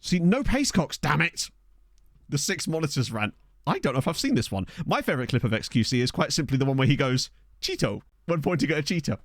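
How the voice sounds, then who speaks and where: A man's voice: a little high, big pitch swings, dry recording, studio quality. A man chatting casually on a live stream, thanking viewers and joking as he plays a football management game. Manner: chatty and jokey, thanking viewers, quick laughs. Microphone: desk microphone.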